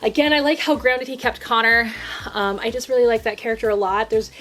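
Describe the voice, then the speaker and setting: A woman's voice: fairly high pitch, fairly even intonation, fairly quick, fairly bright tone, faint music behind. A young adult woman vlogging in a chatty, enthusiastic, rambling way, with frequent restarts. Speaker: YouTuber ranking TV characters. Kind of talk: casual chat to camera.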